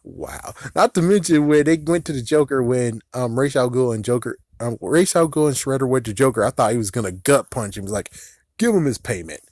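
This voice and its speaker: Man, casual movie review, excitable, laughs a lot, mid pitch, dry close sound. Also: fairly quick, few pauses, no echo.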